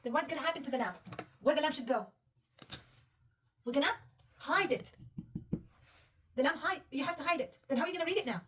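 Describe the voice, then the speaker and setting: Patient high-voiced woman teaching reading. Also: brisk, long pauses, fairly bright tone, far from the mic. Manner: patient, coaxing, asks many questions. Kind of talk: one-on-one reading lesson.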